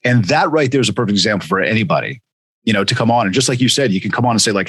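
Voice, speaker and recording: A male podcast host chats casually with a guest, a mid-pitched voice on a dry, close recording. He tells stories with energy and slips into quoted voices as he goes. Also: rapid-fire, husky, no echo. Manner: animated storyteller, acts out quotes. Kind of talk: casual interview chat.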